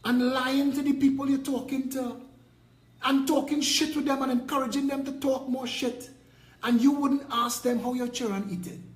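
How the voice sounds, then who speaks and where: A Trinidadian man with a high voice delivers a fiery political rant, preachy and mocking by turns. He sounds like he's in an echoey room. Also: steady tone, normal speed. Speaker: political party leader. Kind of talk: impassioned video rant.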